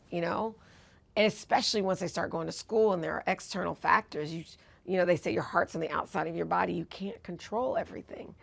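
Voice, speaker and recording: Reflective woman with a gravelly low voice. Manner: earnest, reflective, animated when retelling moments. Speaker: TV news host and author. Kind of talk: personal interview storytelling.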